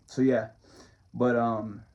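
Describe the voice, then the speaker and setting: Mellow, loose-talking man, dull lo-fi sound. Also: mid-range voice, level tone, takes it slowly. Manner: loose, profane, chuckling often. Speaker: motivational vlogger and musician. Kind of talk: casual rambling monologue.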